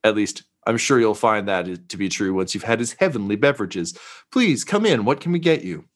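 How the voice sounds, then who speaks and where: Man doing a fawning cult attendant lady, slow, sweet, gushing, fairly low voice. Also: animated, lightly acted.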